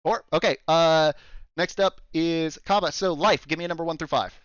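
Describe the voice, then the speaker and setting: A man's voice: fairly high pitch, normal speed, a bit bright, smooth, no room sound, muffled recording. A young man running a tabletop game as game master, narrating in a rambling way with fillers.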